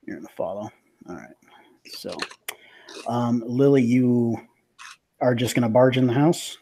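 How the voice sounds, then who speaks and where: A man's voice: mid-range voice, measured pace, warm tone. A man narrating as game master of a tabletop game, casual and hesitant with many fillers.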